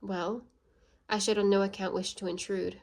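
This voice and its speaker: A woman voicing a blunt, proud and sarcastic English gentleman in a storybook reading, with a scolding manner. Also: medium pitch, little pitch movement, moderate pace, natural voice.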